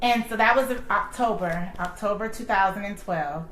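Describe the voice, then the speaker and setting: A woman's voice: medium pitch, moderate pace, a bit bright, reverberant, poor audio. A woman guest telling her own love story, acting out quoted dialogue with laughs. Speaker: interview guest.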